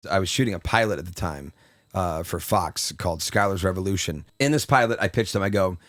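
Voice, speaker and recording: Low-voiced man telling a comedy story. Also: fairly quick. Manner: animated, repetitive restarts. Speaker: comedian guest. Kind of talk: storytelling on a podcast.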